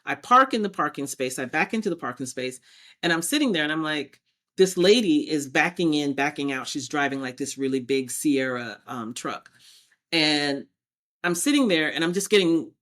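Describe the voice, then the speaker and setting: A woman's voice: low-pitched, moderate pace. A woman as a podcast guest, telling her personal story and acting out past conversations as she goes. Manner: animated, acts out past exchanges in quotes.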